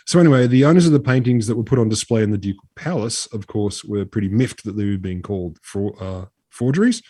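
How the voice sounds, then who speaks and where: A man's voice: lowish voice, expressive, fast, few pauses, warm tone, dry recording, clean studio sound. A man from Australia co-hosting a casual science chat, telling a story with lots of fillers and restarts. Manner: rambling storyteller, hesitant fillers. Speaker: podcast co-host.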